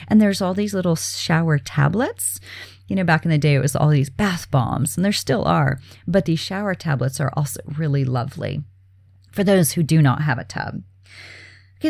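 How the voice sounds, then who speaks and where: A woman hosting a podcast, talking casually about self-care with a relaxed, chatty manner and frequent fillers. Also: lowish voice, no echo, clean studio sound. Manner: relaxed and chatty, many fillers, soft breathy laughs. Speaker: podcast host.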